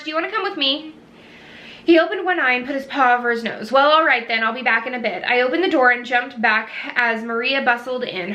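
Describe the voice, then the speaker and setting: Bright-voiced woman reading a novel aloud. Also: on the high side. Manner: reads with small slips and restarts. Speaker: reader.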